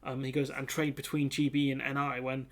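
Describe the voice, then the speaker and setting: A man's voice: medium pitch, level tone, brisk. A man reading political commentary aloud and reacting to it with sarcastic, exasperated remarks.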